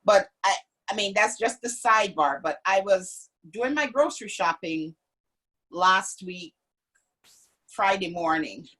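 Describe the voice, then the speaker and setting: A woman, a parishioner, telling a lively everyday story in casual conversation. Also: mid-range voice, a little slow. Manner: animated, laughing, telling anecdotes. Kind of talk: casual storytelling on a group call.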